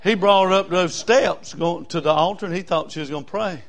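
A man, telling a story in a sermon in a folksy, animated way, with bursts of whooping. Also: sits high, fairly quick. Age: 60s.

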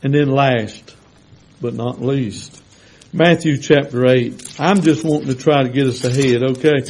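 A man preaching a sermon to his congregation in a folksy, conversational way, swelling to loud, drawn-out emphasis when he reads scripture. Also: medium pitch, fairly even intonation, husky, rough recording. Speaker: pastor. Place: church sanctuary with congregation.

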